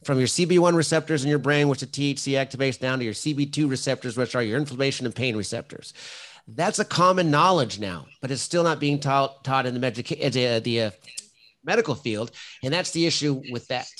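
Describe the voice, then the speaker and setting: A middle-aged man speaks as a guest in a casual podcast interview. His voice sits at an ordinary middle pitch. He talks bluntly and with emphasis, often restarting a sentence as he works through his point. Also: brisk, a bit bright. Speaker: podcast guest, firefighter and company founder.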